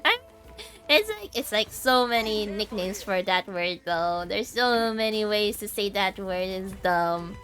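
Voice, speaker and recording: Faint music runs under this woman from the Philippines, who has a Filipino accent and keeps giggling through her stories as she chats during a game stream. Her mid-range voice is animated and fairly bright, at a slightly slow pace.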